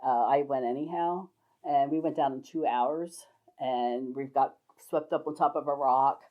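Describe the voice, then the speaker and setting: An older woman with a bass voice, speaking a little slowly, tells rambling stories from her life and often breaks into laughter. It's a casual spoken memoir, captured on a dull lo-fi recording.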